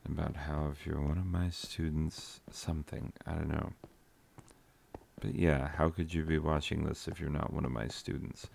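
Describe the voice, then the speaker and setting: Man, very deep creaky voice, meandering joking gameplay talk, dry close mic. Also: dry recording. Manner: meandering, joking, trails off with many fillers. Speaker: teacher making a gaming vlog. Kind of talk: rambling casual gameplay commentary. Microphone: close desk microphone.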